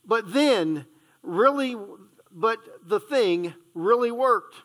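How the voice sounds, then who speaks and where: Pastor guy reading a kids' book out loud, real slow, high voice, trips on words and backs up. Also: animated. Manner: reads slowly and playfully, stumbling and correcting himself, adding asides. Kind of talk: reading a children's storybook aloud in church.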